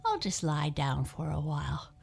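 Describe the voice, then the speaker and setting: A woman's voice: sits low, moderate pace, creaky, a little mellow, breathy edge, faint music behind, exaggerated voice. A woman voicing a picky, sleepy little girl in a storybook reading, whining and sighing. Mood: whiny. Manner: whiny and sighing.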